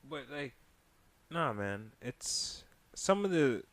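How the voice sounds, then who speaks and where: A man's voice: medium pitch, sing-song, slow pace, crowd noise. A man co-hosting a podcast in casual chat, heated and rambling, restarting his sentences. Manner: heated, rambling, frequent restarts and "you feel me". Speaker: podcast co-host.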